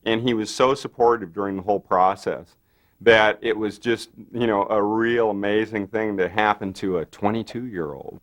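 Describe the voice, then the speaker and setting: A man's voice: lowish voice, steady tone, normal speed, fairly bright tone. A man in an interview, telling a long anecdote with many fillers and acting out quotes. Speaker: special effects artist.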